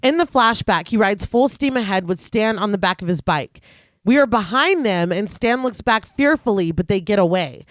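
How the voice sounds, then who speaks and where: A woman's voice: medium pitch, lively intonation, normal speed, no echo. A woman co-hosting a casual horror podcast, reading scene recaps and joking between them. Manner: reads plot summary then jokes and laughs.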